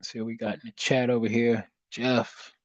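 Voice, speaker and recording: A man's voice: medium pitch, level tone, moderate pace, no echo, muffled recording. A man hosting a live trading stream, chatting casually and reading the chat aloud. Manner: laid-back, chatty, reads chat aloud. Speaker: livestream trading host.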